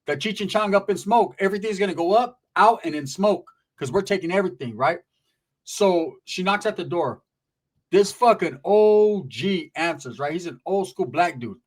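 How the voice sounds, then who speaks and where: A man's voice: high voice, lively intonation, normal speed. A man telling a rambling, profane story in a streetwise way, often checking in with "right?".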